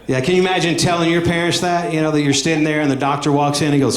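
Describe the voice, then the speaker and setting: A man, doing high-energy stand-up comedy with plenty of audience asides. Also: steady tone, fast talker, hardly any pauses. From Alabama, US. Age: 50s. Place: comedy club stage. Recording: echoey club room.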